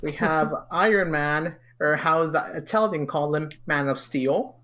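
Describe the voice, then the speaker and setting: A man's voice: fairly high pitch, measured pace, pushed and bright. A young man co-hosting a casual podcast, joking sarcastically and often restarting his sentences. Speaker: podcast co-host. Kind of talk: casual chat.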